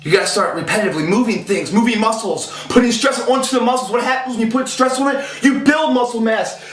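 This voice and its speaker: A man's voice: very high-pitched, quick pace, a bit bright. A man giving an intense, profane, emphatic fitness motivational talk. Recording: echoey room.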